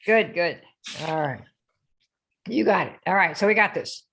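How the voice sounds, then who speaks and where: A woman's voice: on the low side, lively intonation, a little slow, fairly bright tone. A woman running a live online sales coaching session, peppering listeners with questions and mocking typical sales posts. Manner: rhetorical, keeps asking the audience questions; mocking sing-song when quoting sales posts.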